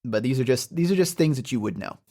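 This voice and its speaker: A game master narrating a tabletop game in a casual, animated way, with lots of filler words. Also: medium pitch, quick pace.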